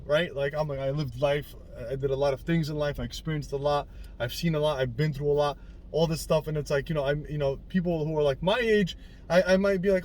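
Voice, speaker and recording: A man's voice: a little high, steady tone, brisk, a little mellow. A young man talking casually in a self-help vlog, rambling with many fillers and asides. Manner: rambling, conversational, frequent "right?" and "like" fillers. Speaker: vlogger.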